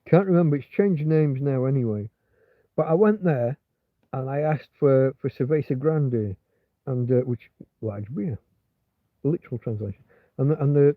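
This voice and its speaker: A man's voice: mid-range voice, normal speed, long pauses, dry recording. A man hosting a rambling, casual livestream chat, meandering with many restarts and fillers. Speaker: livestream host. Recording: tinny phone-like sound.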